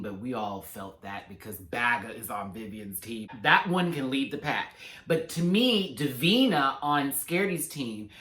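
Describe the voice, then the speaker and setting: A man giving a casual, sassy episode recap and review with animated, slangy asides. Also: mid-range voice. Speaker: reality TV reviewer. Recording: roomy echo.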